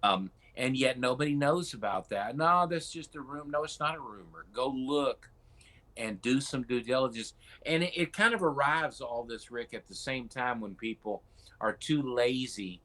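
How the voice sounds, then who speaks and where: Man in animated casual talk. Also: medium pitch, normal speed. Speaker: co-host. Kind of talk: casual talk-show conversation.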